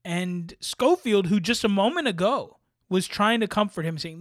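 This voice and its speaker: A man's voice: high voice, expressive, moderate pace, hardly any pauses, fairly bright tone, no echo, clean studio sound. A man co-hosting a podcast, earnestly and passionately praising a film's acting in casual chat. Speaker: podcast co-host. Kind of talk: casual film review chat.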